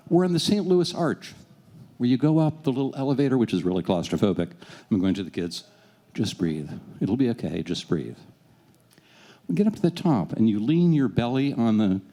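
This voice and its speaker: A man in his sixties telling a personal story on stage, animated, self-deprecating and swearing freely. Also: medium pitch. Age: 60s.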